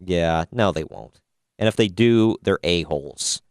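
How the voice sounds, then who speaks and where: A male podcast host with a lowish, smooth and resonant voice, chatting casually through the news. He is wry and opinionated. The sound is close and dry, with no room echo. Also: expressive, a little slow. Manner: wry, opinionated, laughs at own jokes.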